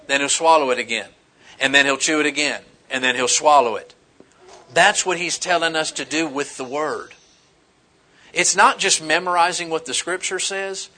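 Bright-voiced preacher man, folksy and animated. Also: on the high side, normal speed. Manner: animated, folksy storytelling with humor. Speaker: pastor. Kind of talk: sermon.

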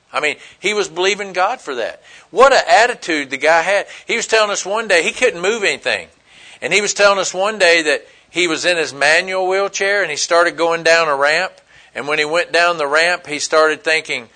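A man's voice: a little high, normal speed, bright, forceful tone. A man preaching a sermon, telling a story in an emphatic, repetitive way. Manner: storytelling, emphatic, repeats phrases. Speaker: pastor.

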